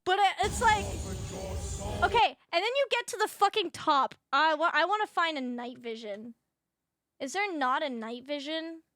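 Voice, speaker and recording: Young woman streamer, real high voice, bright, swears a lot while telling stories. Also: normal speed, soft background music. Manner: animated storytelling, swears a lot. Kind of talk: casual chat while gaming.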